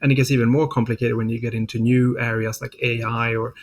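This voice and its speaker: A middle-aged man speaking as a diplomat in a policy interview, measured and thoughtful, often filling pauses with "you know". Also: medium pitch, little pitch movement.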